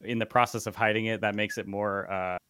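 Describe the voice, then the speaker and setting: Low-voiced man musing casually. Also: a little fast, clean tone, no echo. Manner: relaxed, thinking aloud with many fillers. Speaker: podcast co-host. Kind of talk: casual chat.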